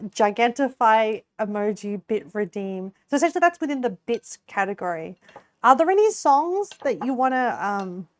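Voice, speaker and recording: A woman's voice: fairly high pitch, no echo. Giggly young woman streamer, dry sound. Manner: chatty, giggly, laughs often, many fillers. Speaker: live streamer. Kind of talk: casual live-stream chat while cooking.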